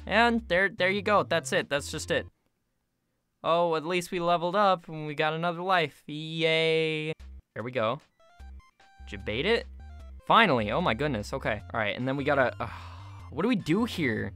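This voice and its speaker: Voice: mid-range voice, expressive, moderate pace, a bit bright, faint music behind. A young adult gaming YouTuber giving casual commentary while playing a hard platform game, often yelping and laughing at sudden deaths. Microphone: phone mic.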